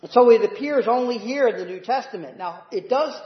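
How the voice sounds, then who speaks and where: Man, pastor, preaching, high voice, echoey dull recording. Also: expressive, brisk. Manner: preaching with calls of "Amen?" to the congregation. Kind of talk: sermon. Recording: roomy, dull church recording.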